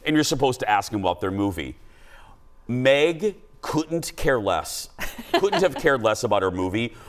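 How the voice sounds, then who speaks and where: A man hosting a lively talk show, chatting fast and turning to the audience with asides. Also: medium pitch. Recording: studio with audience and noise behind.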